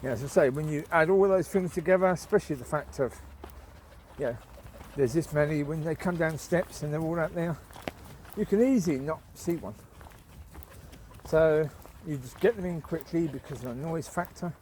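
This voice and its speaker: A man's voice: on the high side, normal speed, darkish tone, slight background noise. A man chatting casually on a walk outdoors in a village, calling commands to his dogs and cooing at puppies. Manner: coos affectionately at dogs and puppies. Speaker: vlogger walking his dogs. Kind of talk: casual walk-and-talk chat.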